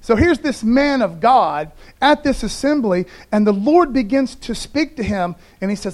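This pastor's voice is very high-pitched and animated, moving at a moderate clip through a streamed Sunday sermon. His preaching is relaxed and chatty, sprinkled with "okay, guys," and he trips over names while reading scripture out loud.

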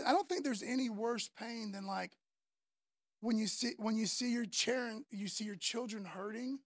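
A man's voice: extremely high pitch, fairly bright tone, dry recording, studio quality. A man preaching a sermon in a casual, earnest way, using slang fillers as he talks. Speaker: pastor.

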